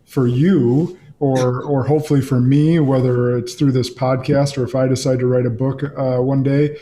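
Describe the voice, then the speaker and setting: Brief: male podcast host, relaxed and mellow, mid-range pitch, friendly questioning style. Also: normal speed, slight background noise. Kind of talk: conversational interview.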